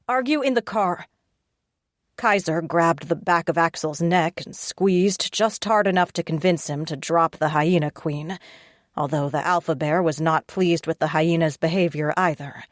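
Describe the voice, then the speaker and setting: Deep-voiced woman reading an audiobook. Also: no echo, studio quality. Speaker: audiobook narrator. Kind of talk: third-person audiobook narration.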